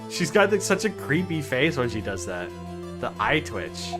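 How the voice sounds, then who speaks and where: A streamer giving casual, chatty gameplay commentary with playful, crude jokes. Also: mid-range voice. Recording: loud game music behind. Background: game music.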